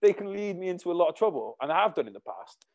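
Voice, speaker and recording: A man, an army veteran and writer, talking in a halting, rambling, profane way. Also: high-pitched, big pitch swings. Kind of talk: casual conversation.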